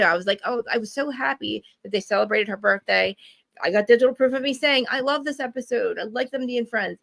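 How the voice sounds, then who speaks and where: A young woman co-hosting a casual chat, animated, swearing and acting out quotes. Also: fairly high pitch, vocal fry. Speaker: podcast co-host.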